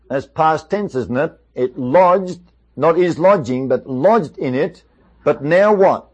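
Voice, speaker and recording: A man's voice: on the high side, animated, slow pace, a little mellow, breathy edge. A male preacher giving a sermon, asking his listeners one rhetorical question after another. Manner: many rhetorical questions to the audience.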